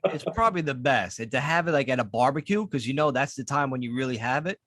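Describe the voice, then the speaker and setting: A man's voice: mid-range voice, animated, fast, fairly bright tone, dry recording, studio quality. A man, co-hosting a podcast in casual chat and ranting heatedly with plenty of swearing. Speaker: podcast co-host.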